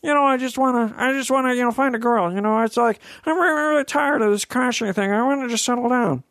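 A man's voice: very high-pitched, quick pace, a bit bright, dry recording, voice pushed up. A man doing an impression of a laid-back young man who rambles wistfully in a hesitant drawl. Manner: hesitant drawl with repeated fillers.

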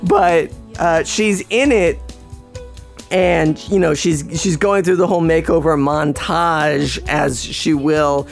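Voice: medium pitch, fairly even intonation, slow, gravelly, faint music behind. A podcast host rambling casually about a movie, wry and full of restarts. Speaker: podcast host reviewing a film.

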